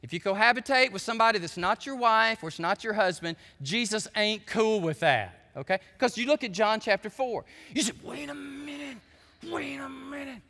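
A pastor with a strikingly high, bright voice who preaches in a folksy, animated way. He drops to hushed asides, then builds to shouts, with his pitch leaping widely. His voice rings through a church sanctuary with a long reverb. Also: fairly quick, hardly any pauses. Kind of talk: sermon.

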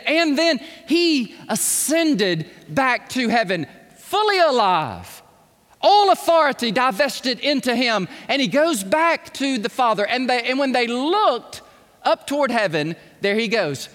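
A man preaching a sermon to his congregation, swinging from hushed asides to shouts and asking them to speak along. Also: very high-pitched. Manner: animated, shifting from hushed to shouting, calls on the congregation. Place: church sanctuary. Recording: long hall reverb.

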